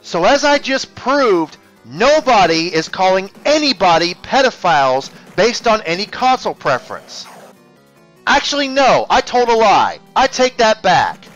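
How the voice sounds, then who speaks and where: A man's voice: high-pitched, very animated, unhurried, a bit bright, muffled recording, faint music behind. A man narrating a combative, sarcastic exposé as a YouTube commentator.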